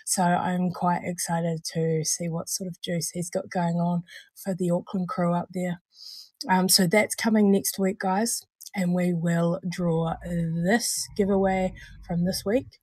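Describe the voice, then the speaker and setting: A woman with a New Zealand accent, co-hosting a show in casual chat, hoarse and unwell, rambling and laughing as she stumbles over words. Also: fairly low pitch, level tone, a little slow, darkish tone, no room sound. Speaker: co-host of a vaping show.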